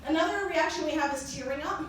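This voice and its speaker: A young woman giving a motivational convention talk, telling personal stories in a lively way and laughing often. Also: high-pitched, quick pace. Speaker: presenter at a company convention. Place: large conference hall. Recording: echoey hall from far off, noisy.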